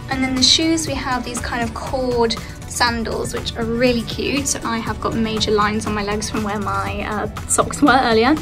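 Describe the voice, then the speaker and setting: A young woman, chatting casually as a fashion vlogger about her outfits and day. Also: on the high side. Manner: chatty, upbeat, rambling outfit descriptions. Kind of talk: casual vlog narration.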